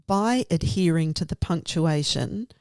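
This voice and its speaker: Slow-spoken woman teacher, reflective. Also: on the low side, expressive, a little mellow, dry recording, studio quality. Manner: reflective, explains step by step. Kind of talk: professional conversation about teaching.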